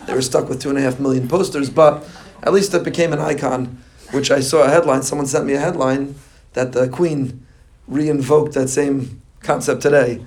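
A rabbi giving a lively sermon, mixing in joking asides and Hebrew and Yiddish terms. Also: male voice, medium pitch, moderate pace.

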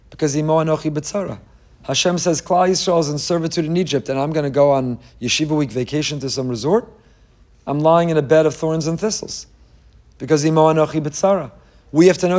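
A man's voice: a little high, darkish tone. A middle-aged man giving an impassioned sermon, asking rhetorical questions and quoting Hebrew texts. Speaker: rabbi giving a Torah class.

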